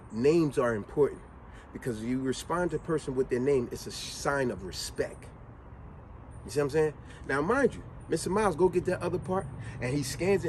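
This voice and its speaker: A man's voice: a little high, a little hiss or hum, low-quality recording. A man telling a motivational story in a casual, slangy way, full of rhetorical questions to his viewers. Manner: animated, slangy retelling with lots of rhetorical questions. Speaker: motivational vlogger.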